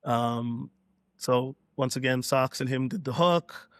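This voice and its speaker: With a mid-range voice and a slow pace, this middle-aged Canadian DJ and producer is heard in studio quality with no echo. Guesting on a laid-back podcast, he tells a long story and performs the dialogue of the people in it.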